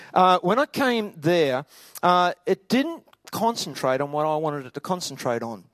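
Australian male teacher, high voice, dry close sound; chatty, stumbling storyteller. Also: dry recording. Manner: rambling, humorous, full of stammered restarts. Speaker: Bible teacher. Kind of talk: anecdotal teaching talk.

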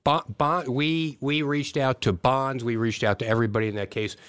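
A man, a lawyer who is a guest on a podcast, answering questions in a measured, thoughtful way. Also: medium pitch, fairly even intonation, fairly bright tone, smooth, no echo, studio quality. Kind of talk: interview conversation.

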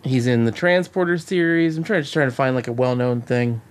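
A man co-hosting a podcast, chatting casually and excitedly about a movie, swearing and rambling with many restarts. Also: mid-range voice, brisk, clean tone. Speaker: podcast co-host.

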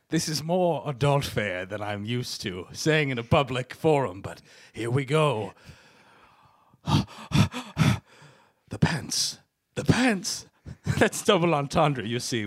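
A man improvising a self-important amateur theater actor who speaks in grand, drawn-out declarations. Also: medium pitch. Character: pompous grandiose male community-theater actor. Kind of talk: improvised comedy scene.

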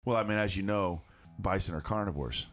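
A man's voice: deep voice, fairly quick, fairly bright tone, soft background music. A man doing playful improvised comedy chat, jumping in and out of silly voices.

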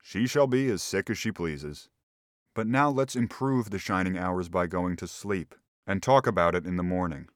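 A man voicing a calm, condescending physician husband who soothes and patronizes. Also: low voice, moderate pace, no echo, studio quality, lightly acted. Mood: soothing.

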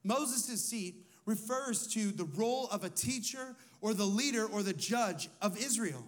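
A man who is a lead pastor, preaching a sermon in a conversational way, asking his listeners questions and telling personal stories. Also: extremely high pitch.

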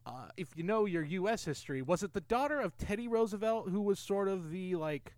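Lively, animated male podcast co-host. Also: high voice, brisk, no room sound. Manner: enthusiastic, recaps plot and trivia. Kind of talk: casual film discussion.

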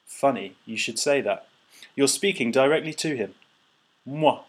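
Pompous sneering seagull boss, overfed and loud, read by a man with a husky voice. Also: mid-range voice, lively intonation, normal speed. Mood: boastful. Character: pompous overfed male seagull border chief.

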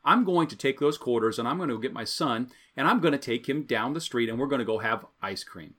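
A preacher voicing a firm, loving dad. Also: male voice, medium pitch, lively intonation, fairly quick, fairly bright tone. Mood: eager. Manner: firm, insistent. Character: firm but loving father of a young son.

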